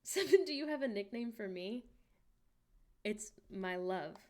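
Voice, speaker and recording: A woman in her late twenties hosts a livestream, chatting casually and candidly in an unhurried, mid-range voice. She reads viewer messages aloud and adds animated asides.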